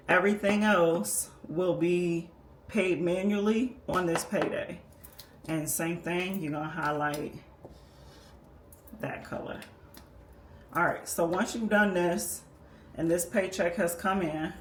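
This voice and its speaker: A woman walking viewers patiently and methodically through a budgeting tutorial, explaining as she works on paper. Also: lowish voice. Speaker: personal finance creator. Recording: echoey room with faint background noise.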